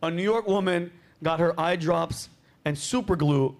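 A man's voice: on the high side, unhurried. A middle-aged man hosting a podcast, telling stories casually and swearing freely. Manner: profane, animated storyteller. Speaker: podcast host. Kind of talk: casual chat.

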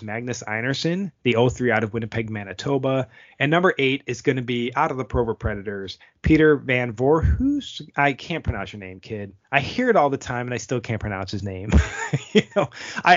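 A man co-hosting a hockey podcast in casual chat, rambling and animated, laughing at his own stumbles. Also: mid-range voice. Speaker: podcast co-host. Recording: dull lo-fi audio.

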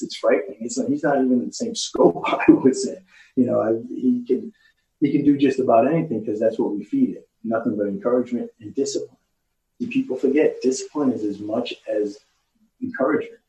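Middle-aged man, guest, lively storyteller, warm mellow tone, a bit off-mic in an echoey room, muffled recording. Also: mid-range voice. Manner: storytelling with put-on voices and laughs. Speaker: podcast guest. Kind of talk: animated casual chat. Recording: roomy, distant, muffled recording.

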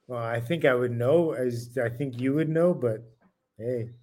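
A man's voice: medium pitch, measured pace, dark tone. A man co-hosting a podcast, pushing back on his partner in casual debate and laughing easily. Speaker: podcast co-host.

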